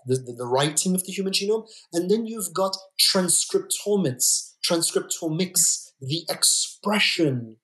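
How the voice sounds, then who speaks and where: A man's voice: high voice, animated, fairly bright tone. Emphatic man explaining genetics. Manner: emphatic, repeats words, slow deliberate stresses. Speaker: geneticist guest. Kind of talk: podcast interview.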